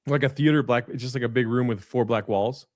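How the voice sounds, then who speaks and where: A man, a guest comedian, keeps a steady tone in a mid-range voice and talks fairly quickly. His casual video-call chat wanders through long anecdotes full of fillers and swearing, captured in a dry, clean studio recording.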